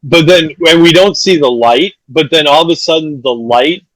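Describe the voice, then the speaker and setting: A chatty man in casual podcast talk, laughing along with quick asides. His voice sits a bit high for a man and sounds dry and close. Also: a bit bright, dry recording, poor audio. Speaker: podcast co-host. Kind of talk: casual chat recapping an episode.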